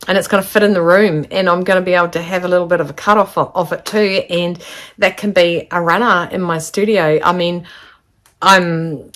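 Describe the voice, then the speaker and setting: A woman chatting casually to camera from her home sewing studio, rambling and excitable as she shows her makes. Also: lowish voice. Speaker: sewing vlogger.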